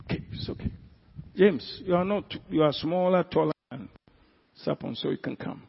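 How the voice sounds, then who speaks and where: A man with a Ghanaian accent, a pastor preaching a sermon who swings from quiet asides to loud, drawn-out emphasis. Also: fairly high pitch, gravelly, slightly rough. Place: church hall. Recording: echoey hall, dull lo-fi sound.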